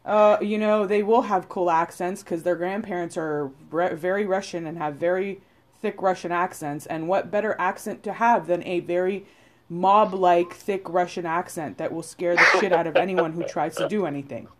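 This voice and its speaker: A woman's voice: lowish voice, steady tone, normal speed. Rambling, blunt woman. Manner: rambling, blunt and profane, heavy on "like" and "you know". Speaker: podcast co-host. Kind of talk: casual chat.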